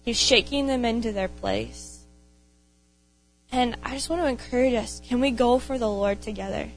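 A woman's voice: a little high, poor audio. A young woman giving an informal sermon to her church, earnest and passionate, repeating phrases for emphasis. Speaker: young speaker in a church gathering.

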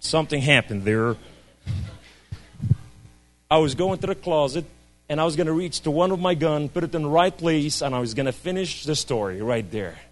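Man, dramatic testimony preacher, slightly high voice, loud-to-hushed swings, light music bed. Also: animated, moderate pace, pauses often. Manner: dramatic, swings between loud cries and hushed low speech. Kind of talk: impassioned personal testimony sermon.

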